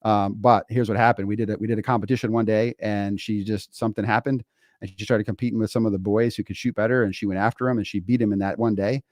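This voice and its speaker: Podcast dad type guy, kinda low voice, casual and emphatic, trips over words, dry close sound. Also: fairly even intonation, quick pace, a little mellow, no room sound. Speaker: podcast co-host. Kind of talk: motivational podcast talk. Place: home studio. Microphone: remote streaming setup.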